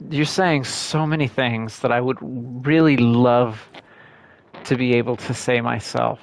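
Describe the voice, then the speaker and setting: A man's voice: medium pitch, steady tone, unhurried, creaky, no room sound. A young man casually commenting on a game, joking and reading letters aloud. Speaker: gamer streamer.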